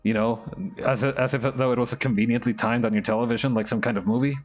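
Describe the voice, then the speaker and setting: A man voicing a calm, polite male regular customer at a bar. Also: medium pitch, fast talker, faint music behind, close to an everyday voice.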